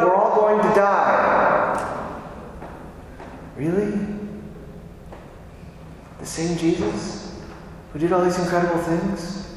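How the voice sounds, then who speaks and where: A fairly high-pitched male preacher gives a sermon that feels like conversation, full of rhetorical questions and repeated phrases. The recording carries a little hiss or hum, and his voice echoes from a distance in a hall.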